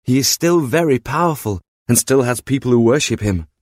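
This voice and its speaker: A man voicing an ethereal goddess mother who speaks calmly in formal, admonishing sentences. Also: medium pitch, fairly quick, dry recording, studio quality, voice pushed up, close to an everyday voice. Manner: calm, admonishing, formal speech. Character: ethereal female goddess mother, stern and wise.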